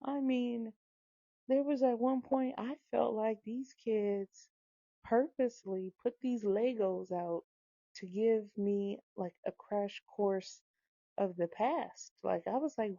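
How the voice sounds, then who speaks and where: A woman's voice: a little high, slow pace, vocal fry, no echo, muffled recording. A woman in her thirties, a mother telling a funny story in casual chat, with lots of laughing and repeated phrases. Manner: animated, laughing, repeats herself for effect.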